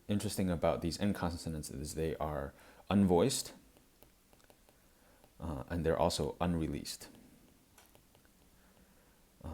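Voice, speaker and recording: A man giving a halting explanatory lecture over slides, with many fillers. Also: a bass voice, a little mellow. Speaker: language educator.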